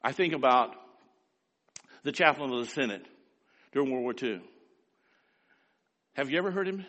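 A man preaching a sermon in a scratchy voice, swinging from quiet asides to loud, rising exhortation. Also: medium pitch, animated, normal speed, big-room sound.

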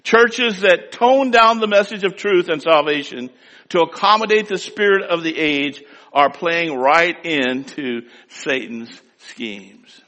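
A man preaching a sermon, emphatic, swinging between loud, drawn-out declaiming and quiet asides. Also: fairly high pitch. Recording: long hall reverb.

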